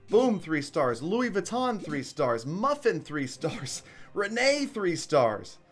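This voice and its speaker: A man giving excitable live commentary on strategy game battles and chatting with viewers by name. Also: high-pitched. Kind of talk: live gameplay commentary, reading chat.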